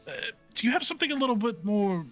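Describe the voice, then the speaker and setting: A man voicing a gentle, formal, trunked male student knight who talks in a polite, hesitant, proper way. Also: sits high, very animated, fast, faint music behind, pitched above the performer's own voice.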